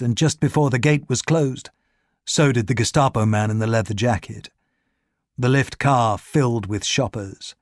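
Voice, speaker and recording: A man narrates a wartime thriller audiobook in a measured, steady storytelling style. His mid-range voice is recorded with clean studio sound and no room sound.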